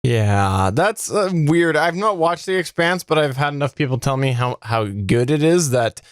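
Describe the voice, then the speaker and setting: A man's voice: on the high side, lively intonation, moderate pace, dry recording, studio quality. A man hosting a podcast, joking and upbeat in casual chat. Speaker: podcast host.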